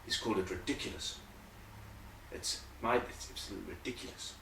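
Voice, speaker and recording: A man's voice: deep voice, fairly quick, vocal fry, fairly bright tone, recorded from a distance, slight background noise. A man hosting a comic rugby news monologue, rambling with jokey asides. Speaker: host. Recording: echoey room, voice off-mic.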